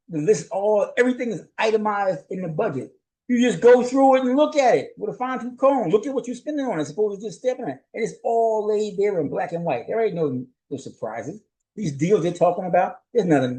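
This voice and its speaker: A male journalist hosts his own show, talking through a solo commentary recap. His voice sits a little high for a man. He talks in a loose, rhetorical way, keeps checking in with "right?", and chuckles as he goes. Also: dark tone, low-quality recording. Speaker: host and journalist.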